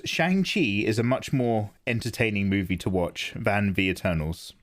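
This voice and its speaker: A man streaming live art who chats casually with viewers in a rambling, animated way and often laughs. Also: lowish voice, moderate pace, few pauses. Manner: animated, rambling, laughs into his own impressions. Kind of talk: casual livestream chat.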